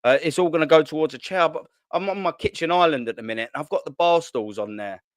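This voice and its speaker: A young man, hosting a casual live stream from his kitchen at home, talking in excitable slang, swearing and repeating himself. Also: on the high side, fast, clear, resonant tone, no room sound, studio quality. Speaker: football channel host. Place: at home, sitting at a kitchen island.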